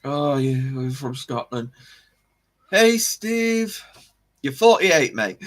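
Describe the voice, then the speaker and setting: A man's voice: medium pitch, sing-song, drawn-out words. A man hosting a casual live stream, rambling about history, correcting himself and chuckling as he greets viewers.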